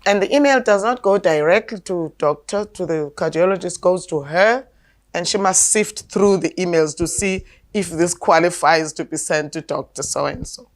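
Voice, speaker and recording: A woman's voice: lowish voice, moderate pace. Emphatic woman. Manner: emphatic and insistent, with frequent word repeats. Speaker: alternative health practitioner. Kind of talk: conversational storytelling.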